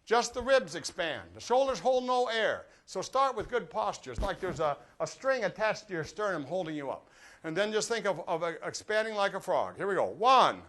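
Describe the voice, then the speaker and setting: This man speaks in a high, animated voice at a normal speed, with a somewhat bright quality. He's an older brass teacher giving a master class, walking students through breathing exercises with jokes and direct coaching, in a classroom or rehearsal room with an audience present.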